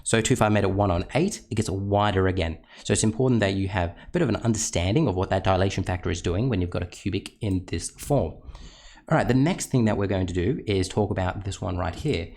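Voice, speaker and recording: A man with a fairly low voice walks through a maths lesson on screen, explaining each step patiently. He drops in self-deprecating asides as he sketches on a tablet. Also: quick pace, vocal fry, a little mellow. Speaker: maths teacher.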